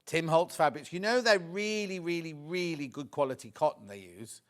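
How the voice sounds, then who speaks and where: A chatty, excitable man hosts a live shopping show. His voice sits high for a man, and he gushes over each product while chatting with viewers and crew. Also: normal speed. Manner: lively and gushing over the products. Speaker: shopping channel presenter.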